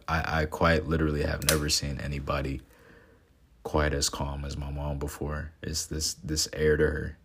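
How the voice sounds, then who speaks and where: Super deep voiced 20 yr old guy, kinda monotone, rambling and earnest, lots of um and uh. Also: breathy edge. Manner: rambling, with frequent fillers and restarts; earnest and sentimental. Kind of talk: casual reflective talk.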